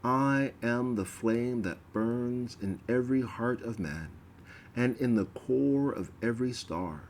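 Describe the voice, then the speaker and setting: A man slowly reading aloud a ritual text in a measured way, with an occasional stumble. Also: medium pitch, a little hiss or hum. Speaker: reader of a religious text.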